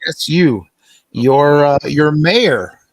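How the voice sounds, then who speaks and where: A man's voice: fairly high pitch, animated, extremely slow, no room sound. Hesitant man, dry close voice. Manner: hesitant, many fillers before getting to the point. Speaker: radio show co-host. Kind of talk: casual political chat.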